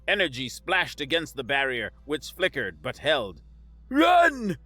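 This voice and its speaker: A man narrating a sci-fi story in a steady, measured, scripted reading. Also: mid-range voice, no room sound, soft background music.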